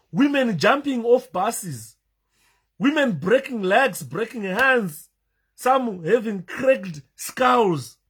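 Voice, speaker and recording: Male commentator reacting to video footage, emotional and emphatic, with a wide, animated pitch. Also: husky. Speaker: political commentator. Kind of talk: commentary over video clips.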